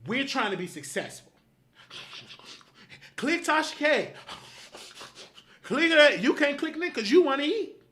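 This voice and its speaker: A man's voice: extremely high pitch, big pitch swings, moderate pace, long pauses, a bit bright. A man hosting a live show, angrily scolding his producer in a profane, repetitive rant. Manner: repetitive, emphatic commands. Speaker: show host.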